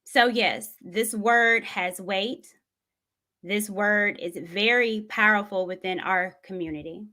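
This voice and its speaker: A woman's voice: medium pitch, slow, pushed and bright. A woman from Tennessee, telling a personal story in an earnest, reflective way as a vlogger. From Tennessee, USA.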